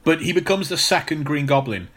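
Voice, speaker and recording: A man co-hosting a podcast in casual chat, explaining at length with frequent pauses and restarts. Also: on the high side, expressive, fairly bright tone. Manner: explanatory, hesitant with many fillers and restarts. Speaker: podcast co-host.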